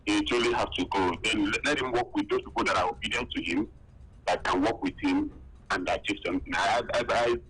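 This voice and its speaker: A man calling in to a radio show, giving his opinion in a halting way with many restarts. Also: fairly low pitch, fairly bright tone, slightly rough, poor audio. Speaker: caller. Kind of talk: phone-in opinion.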